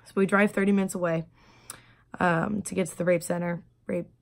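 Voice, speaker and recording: A woman telling her story in a personal video diary, speaking quietly and haltingly, with many pauses and fillers. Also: fairly low pitch, level tone, creaky. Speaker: vlogger.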